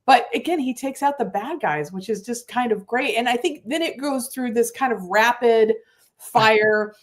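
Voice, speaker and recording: A woman co-hosting a movie podcast, recapping a film in an animated, chatty way. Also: fairly high pitch, moderate pace. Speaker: podcast co-host. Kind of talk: casual movie discussion.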